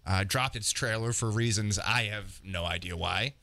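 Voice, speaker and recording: A man co-hosting a relaxed podcast, his voice bright and a little sharp. He rambles through movie news, circles back on himself and slips in dry jokes. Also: fairly low pitch, moderate pace, dry recording. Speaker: podcast co-host. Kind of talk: casual chat.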